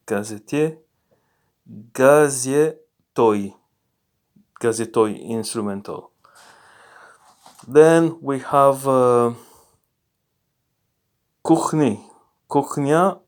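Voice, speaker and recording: Slow, deliberate male language teacher. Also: mid-range voice. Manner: slow, repeats each word form several times. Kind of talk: explaining grammar to a class.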